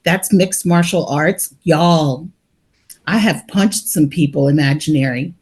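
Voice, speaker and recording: A woman's voice: deep voice, unhurried, a little mellow, breathy edge. A middle-aged woman speaking candidly and with humor on a group video call, sharing her own layoff experience. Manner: candid, talkative, joking. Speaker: laid-off operations worker sharing in a support group.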